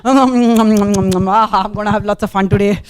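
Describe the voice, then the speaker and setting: A woman voicing a greedy big eagle who gloats over a meal with drawn-out exclamations. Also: mid-range voice, fairly even intonation, clear, resonant tone, no echo, studio quality, close to an everyday voice. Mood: gloating.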